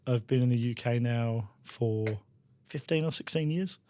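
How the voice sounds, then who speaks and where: A man's voice: mid-range voice, unhurried, darkish tone, no echo. A man, a chef who co-owns a restaurant, chatting in a laid-back, jokey way with the odd casual swear. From Blue Mountains near Sydney, Australia. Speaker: chef, restaurant co-owner, guest. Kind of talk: casual podcast chat.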